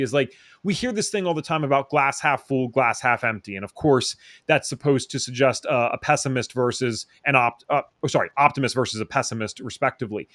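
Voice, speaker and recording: A man's voice: mid-range voice, fairly bright tone, no room sound, studio quality. A man hosting a podcast, talking thoughtfully and correcting himself as he reaches for analogies. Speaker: podcast host. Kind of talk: conversational podcast chat.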